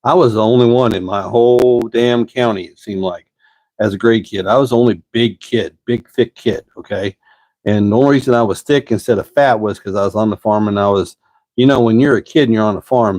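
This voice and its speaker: A man's voice: medium pitch, a little mellow, no room sound. A man, rambling in a folksy way as the host of a casual live-stream chat. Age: 50s. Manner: rambling, folksy, drawn-out pauses.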